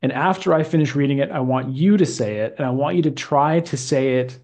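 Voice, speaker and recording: A male English teacher explaining grammar in a deliberate, patient way. He slows down to stretch the important words so the student can follow. His pitch sits in an ordinary middle range for a man. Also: a little mellow.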